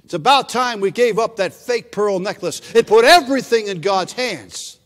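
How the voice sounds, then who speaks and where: Male preacher, emphatic sermon, high-pitched voice, long church reverb. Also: moderate pace, fairly bright tone. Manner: emphatic, repeats scripture references. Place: church sanctuary.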